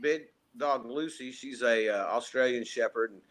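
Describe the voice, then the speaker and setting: A man co-hosting a podcast from home, telling a casual story, animated and full of fillers, acting out what people said. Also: medium pitch, moderate pace. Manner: animated, acts out quotes, frequent fillers. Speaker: podcast co-host. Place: home, remote call.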